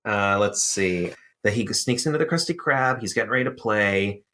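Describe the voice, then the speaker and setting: Bright-voiced man recapping a cartoon. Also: lowish voice, a little hiss or hum. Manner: animated, with many "uh"s and quick voiced asides. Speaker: podcast co-host. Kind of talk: casual podcast chat recapping a cartoon episode.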